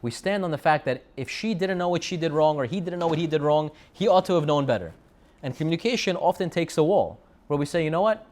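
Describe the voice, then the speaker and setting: This rabbi's Torah talk to his students comes in a fast, expressive voice that is on the high side yet darkish in tone. He preaches through storytelling, repeating phrases and weaving in Hebrew terms.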